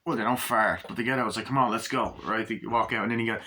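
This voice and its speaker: A man giving a casual, rambling movie review, swearing a lot and acting out bits of the scenes in quick mock voices. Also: fairly low pitch, noisy background. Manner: loose, profane, quotes the scenes in mock voices.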